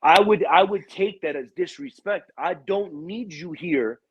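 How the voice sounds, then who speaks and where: A man's voice: unhurried, breathy edge, no room sound, muffled recording. A young man hosting a podcast, telling a profane story in casual chat and acting out other people's lines with a raised voice. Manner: animated, profane, acts out quotes with raised pitch. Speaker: podcast host.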